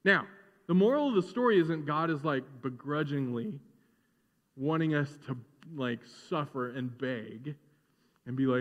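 A male pastor preaching a sermon in a lively, joking way, asking the crowd to repeat words after him. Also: fairly high pitch, unhurried. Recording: dull sound in a reverberant hall.

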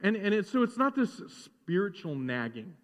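A male pastor preaching a sermon in a lively, joking way, asking the crowd to repeat words after him. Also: high-pitched, normal speed. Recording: dull sound in a reverberant hall.

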